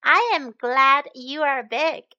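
A cheerful, eager little boy from a children's storybook, as a woman reads him aloud. His voice is high and bright, and he speaks in a slow, friendly way. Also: highs cut off, full character voice.

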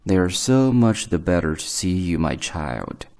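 A man voicing a sly wolf pretending to be a grandmother in a storybook reading, with a low, gruff, menacing voice. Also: sing-song, unhurried, darkish tone, full character voice. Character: big bad male wolf posing as grandmother.

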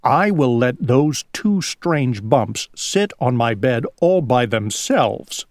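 A man voicing a fussy, easily flustered male owl in a storybook, jumping high when alarmed. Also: animated, slow pace, no echo. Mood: musing. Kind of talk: storybook character voice.

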